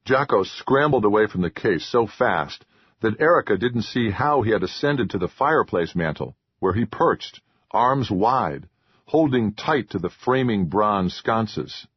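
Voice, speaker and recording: A man narrating a horror audiobook in a measured, even way. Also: lowish voice, breathy edge, dry recording. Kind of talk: scripted narration. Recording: dull lo-fi dry recording.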